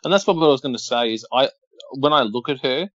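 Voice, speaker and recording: A talkative man co-hosting a watch-along podcast, trading casual remarks and play-by-play with an easy, mid-pitched voice. The audio is dull and lo-fi, with a dry, close sound and no room echo. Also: animated, quick pace, fairly bright tone. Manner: chatty, running play-by-play with laughs. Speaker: podcast co-host.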